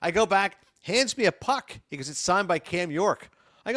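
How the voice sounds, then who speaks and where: Fast-talking, high-voiced man telling stories. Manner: animated, acts out dialogue in his anecdotes. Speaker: sports broadcaster guest. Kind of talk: podcast storytelling.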